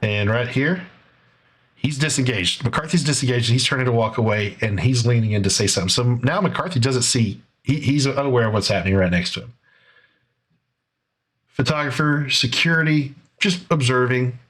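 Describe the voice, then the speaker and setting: A man at a middle pitch hosts his own commentary show and walks through footage step by step. His delivery is sarcastic and conversational, with fillers and restarts along the way. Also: lively intonation, moderate pace, fairly bright tone, slightly rough. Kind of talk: casual video commentary.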